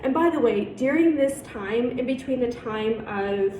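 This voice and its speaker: A woman's voice: fairly high pitch, measured pace. Emotional young woman recounting her story. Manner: emotional, animated retelling with dialogue reenacted. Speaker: vlogger telling her story. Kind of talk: personal storytelling to camera. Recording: roomy echo, a bit far from mic, faint background noise.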